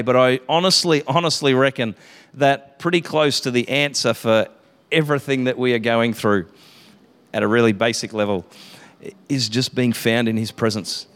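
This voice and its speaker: Chatty preacher in a reverberant hall. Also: male voice, medium pitch. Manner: chatty, self-interrupting, laughs often. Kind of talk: casual sermon.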